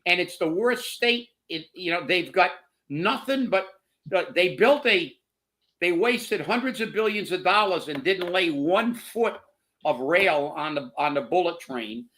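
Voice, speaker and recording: A man rants on a political talk show, furious and profane, tripping over his own words as he talks. His voice sits high for a man and sounds bright and edgy. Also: lively intonation, a little slow. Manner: heated, profane, repeats words when worked up. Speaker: co-host of political commentary show. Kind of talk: angry political rant.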